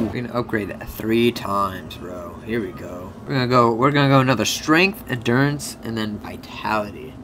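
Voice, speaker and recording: A young man giving let's-play commentary, excitable, swearing a lot and yelping and shouting when his character takes hits. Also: medium pitch, moderate pace, few pauses, faint music behind. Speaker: gaming YouTuber.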